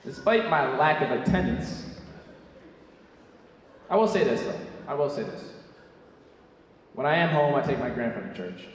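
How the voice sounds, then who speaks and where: A young man doing a stand-up set on a theatre stage. He talks in a brash, profane way and tosses in quick asides. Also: mid-range voice, animated, a little hiss or hum. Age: young adult. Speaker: stand-up comedian. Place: theatre stage before a live audience. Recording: echoey theatre hall from far off.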